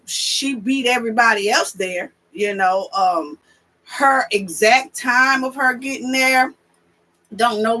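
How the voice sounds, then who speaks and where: Sassy high-voiced New woman host. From New York. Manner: animated, sassy, confrontational. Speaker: livestream host. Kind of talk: livestream commentary, reading chat names.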